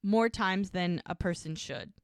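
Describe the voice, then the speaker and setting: Low-voiced woman recapping a show. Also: animated, unhurried, clear, resonant tone, no room sound, clean studio sound. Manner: chatty retelling, acts out quoted lines. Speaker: podcast co-host. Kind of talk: casual episode recap.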